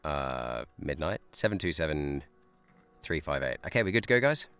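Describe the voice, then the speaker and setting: A man's voice: rumbling low, very animated, normal speed, a bit bright, clear, resonant tone, soft background music. A man who is a teacher, streaming a guessing game live, thinking aloud in a chatty way and laughing often. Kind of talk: live gameplay chat.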